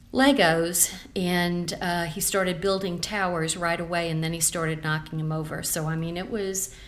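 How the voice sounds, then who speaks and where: A woman, a scrapbooking consultant talking through her album in a casual, rambling vlog with lots of fillers. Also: on the low side. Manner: chatty and rambling, with many fillers. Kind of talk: casual show-and-tell vlog.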